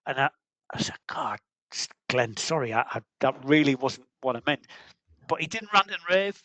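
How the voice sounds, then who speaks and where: A man's voice: medium pitch, expressive, moderate pace, fairly bright tone, dry recording, low-quality recording. A man in his fifties, a football journalist, telling an old anecdote in a rambling way with many restarts. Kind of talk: anecdotal storytelling.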